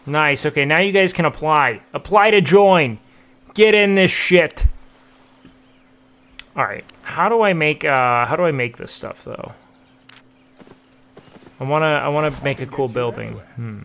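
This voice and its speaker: A man's voice: a little high, a little slow, pauses often, sharp tone, clean tone. A young man streaming a game, chatting to viewers casually with profane, playful trash talk. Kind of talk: casual gameplay commentary.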